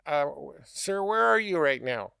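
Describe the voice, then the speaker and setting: A man's voice: fairly high pitch, big pitch swings, measured pace, gravelly, pushed and bright, smooth, no room sound, clean studio sound, heavily acted. A man voicing a stern, officious male police officer who speaks formally and keeps saying "sir".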